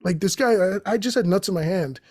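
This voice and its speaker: This young man hosts his own show with a high, darkish voice, talking a little fast. He swears his way through a rambling comic monologue, jumping between tangents and voicing the people he quotes, all in a dry, studio-quality recording.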